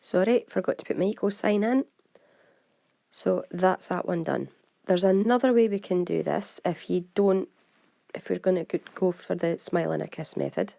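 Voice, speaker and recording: Scottish woman, maths teacher, brisk and step-by-step, lowish mellow voice, dry close sound. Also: creaky, no echo. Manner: brisk, step-by-step, talks to students directly. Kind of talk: exam walkthrough lesson.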